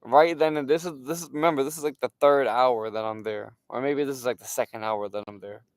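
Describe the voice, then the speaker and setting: A young man telling a story from his day in a casual, animated way, swearing and using lots of fillers. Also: mid-range voice, fairly quick, no echo. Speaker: streamer.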